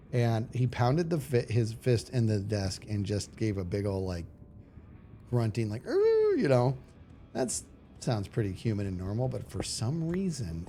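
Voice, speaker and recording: A man's voice: medium pitch, dark tone, a little hiss or hum. A man streaming a game live, chatting in a rambling, self-mocking way as he thinks aloud. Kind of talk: live gaming stream chat.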